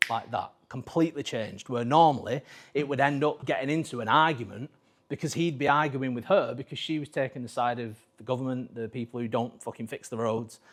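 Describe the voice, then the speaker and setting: A man coaching at a live talk, speaking bluntly and swearing freely while he acts out conversations. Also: mid-range voice. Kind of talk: live presentation to an audience. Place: talk venue with a screen.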